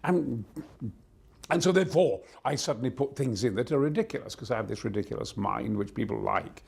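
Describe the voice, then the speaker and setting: Gravelly booming man, theatrical. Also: animated, a little fast, a little mellow. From Yorkshire, England. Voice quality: booming, theatrical, tumbling repetitions. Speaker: interview guest, voice actor. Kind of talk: exuberant anecdotal chat.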